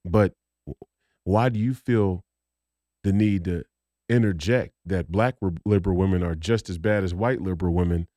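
Male podcast co-host, low and lively, swears and restarts, dry close sound. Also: moderate pace, no echo. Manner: heated, rambling, profane, many restarts. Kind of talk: casual political chat.

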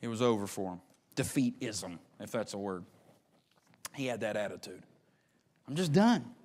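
Preaching as a pastor, a man drops to a hushed, low voice and then climbs to loud, shouting peaks, repeating phrases in a folksy way. He speaks at a normal speed.

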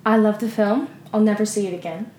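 A woman's voice: mid-range voice, fairly even intonation, fairly quick, warm tone, echoey room. A woman guest on a podcast, chatting casually and playfully about a film.

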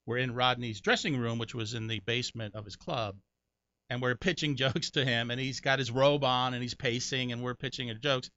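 A middle-aged man with a bright, forceful voice tells stories as a comedian guest, lively and quick to mimic others. The sound is dry and a little muffled, with no room around it. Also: no echo. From Connecticut, USA. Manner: animated storyteller, jumps high doing other people's voices. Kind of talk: storytelling interview.

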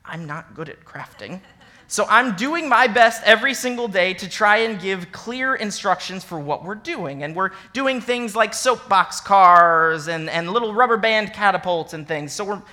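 Brief: young male minister, bright forward voice, chatty animated sermon delivery with sarcastic asides. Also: high-pitched, moderate pace. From American Midwest. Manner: animated and conversational, acts out scripture with sarcastic emphasis. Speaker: associate minister.

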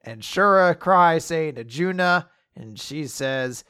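A man co-hosting a casual podcast, recapping a story and acting out characters' lines in quick put-on voices. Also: on the high side, lively intonation, sharp tone, smooth, no room sound, clean studio sound. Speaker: podcast co-host recapping manga. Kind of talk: casual chat.

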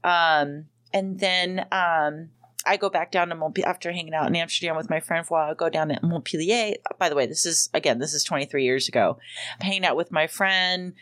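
A woman's voice: deep voice, a little fast, a bit bright. A woman in her forties hosting a podcast, telling a long personal story in a rambling way, full of ums and casual swearing. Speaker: podcast host.

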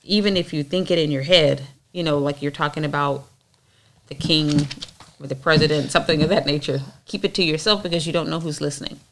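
A woman's voice: sits low, fairly even intonation, brisk. A woman reading scripture aloud and then discussing it casually, thinking aloud with fillers. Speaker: Bible study reader and discussion leader.

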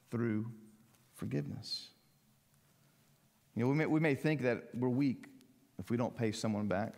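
A man preaching a sermon, emphatic, climbing to loud peaks and then dropping to quiet lines. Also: mid-range voice. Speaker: pastor. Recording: long hall reverb.

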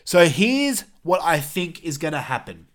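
A young man hosting a casual wrestling review podcast, animated and swearing, with jokey asides. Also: on the high side, unhurried.

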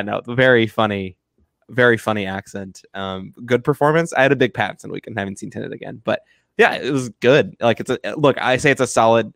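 A man's voice: mid-range voice, a bit bright, no echo, clean studio sound. A man co-hosting a casual film review chat, rambling with many restarts and fillers. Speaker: film review podcast co-host.

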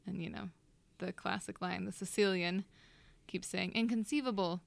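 A woman co-hosting a podcast, casually retelling a film scene in an animated way. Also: on the low side, moderate pace, vocal fry, no echo. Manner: animated storytelling recap. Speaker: podcast co-host. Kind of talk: casual chat.

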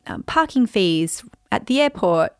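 A woman talks through a personal story as a podcast host, rambling and chatty, dropping fillers every few words. Her voice sits at a middle pitch, and the sound is close and dry with no room echo. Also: sing-song, measured pace, smooth. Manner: chatty, rambling, many "like" and "you know" fillers. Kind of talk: casual storytelling monologue.

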